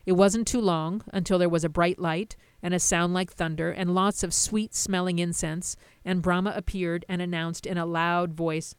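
A woman's voice: fairly low pitch, steady tone, normal speed, few pauses, smooth, dry recording. A woman teaching a Buddhist sutta, retelling its story with plain asides. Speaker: dharma teacher.

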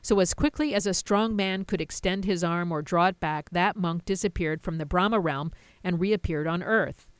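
A woman's voice: on the low side, normal speed, clear, resonant tone, dry recording. A woman teaching a Buddhist sutta, retelling its story with plain asides. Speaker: dharma teacher.

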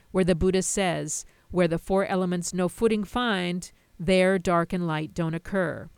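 A woman's voice: fairly low pitch, clean tone, no room sound. A woman teaching a Buddhist sutta, retelling its story with plain asides. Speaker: dharma teacher.

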